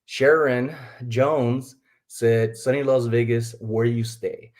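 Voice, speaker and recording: A man's voice: mid-range voice, fairly even intonation, slow, darkish tone. Chatty rambling man on a live stream. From Texas. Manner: rambling, chatty, laughs often, talks to viewers as folks. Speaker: livestream host, reseller. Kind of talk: casual live-stream chat.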